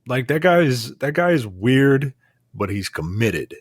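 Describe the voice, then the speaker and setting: A man's voice: medium pitch, very animated, a little slow, breathy edge, dry recording, studio quality. A man co-hosting a podcast, chatting casually about movies, half joking, with many restarts. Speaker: podcast co-host.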